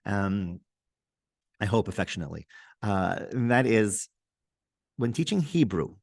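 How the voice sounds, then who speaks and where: A man's voice: lowish voice, animated, unhurried, creaky, darkish tone, no room sound. Middle-aged guy, french is his first language, earnest and emphatic, hosting a chat, dry close sound. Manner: earnest, emphatic, repeats himself as he builds a point. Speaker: cantor and host. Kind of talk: conversational interview.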